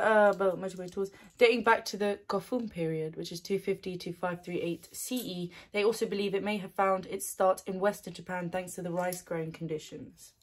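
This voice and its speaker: A woman doing ASMR snack tasting, soft-spoken, giggly and gushing into a close microphone. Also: mid-range voice, slightly rough. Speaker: ASMR creator.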